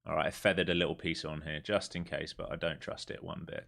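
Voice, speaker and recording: A man streaming live as a day trader, giving running commentary to viewers, dropping to mutters and then rising into excited bursts. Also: very deep voice, fast talker, gravelly.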